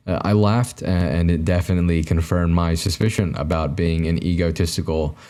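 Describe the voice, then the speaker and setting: Young male podcast host, deep and mellow, self-deprecating ramble to camera. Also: fairly even intonation, a little fast. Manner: self-mocking, rambling with many fillers and restarts. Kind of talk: solo comedic monologue to camera. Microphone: camera mic, recording himself.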